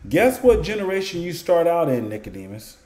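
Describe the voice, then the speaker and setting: Animated man preaching in an echoey room. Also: on the high side, a little fast. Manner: asks rhetorical questions and answers them; conversational, with chuckles and restarts. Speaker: bible teacher. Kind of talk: informal preaching to camera.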